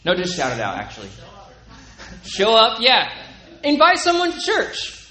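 A man's voice: high-pitched, wildly swooping pitch, measured pace, bright, forceful tone, poor audio. A man preaching a sermon to his congregation in a conversational way, often asking them if they agree. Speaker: pastor.

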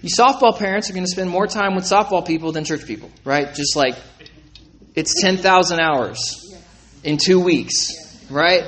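A man's voice: on the high side, fairly bright tone, low-quality recording. A man preaching a sermon to his congregation in a conversational way, often asking them if they agree. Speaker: pastor.

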